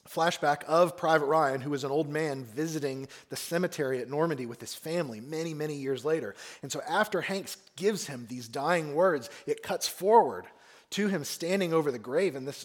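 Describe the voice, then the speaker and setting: A male pastor delivers an earnest sermon in a voice that sits fairly high for a man. He tells a story at an easy pace and often sinks into soft, hushed lines before building back up. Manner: earnest storytelling, with many quiet dips and a few near-whispered quotes.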